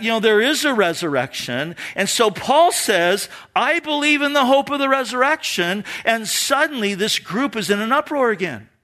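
A male pastor delivers a sermon that rises and falls a great deal. His voice sits high and sounds bright and forceful. He talks conversationally and keeps turning to the congregation with asides. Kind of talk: expository sermon.

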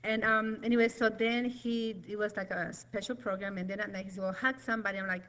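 Nervous middle-aged lady, bit high voice, rambling emotional church testimony. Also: fairly even intonation, fast talker, fairly bright tone, rough recording. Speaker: church member giving testimony. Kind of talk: personal testimony.

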